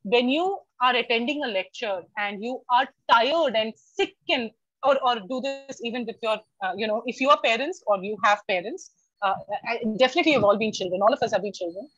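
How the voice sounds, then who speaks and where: A woman with an Indian English accent giving an online university lecture, lively and expressive, slipping into Hindi for everyday examples. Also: fairly high pitch, a little fast, no echo. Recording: dry, dull lo-fi online call.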